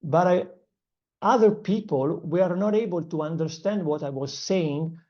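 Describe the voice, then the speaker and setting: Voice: mid-range voice, dark tone, highs cut off. Earnest speaker with an Italian accent. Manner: earnest, in short phrases with filler pauses. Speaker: English-learning channel host. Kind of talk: motivational language lesson.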